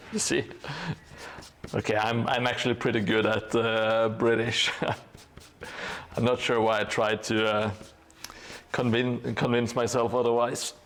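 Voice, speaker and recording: Male hobby streamer, unhurried and hesitant delivery with a dry joking manner, gravel in the voice. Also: mid-range voice, flat delivery, a bit bright. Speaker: live streamer building a tabletop gaming board. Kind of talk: casual live-stream chat while painting.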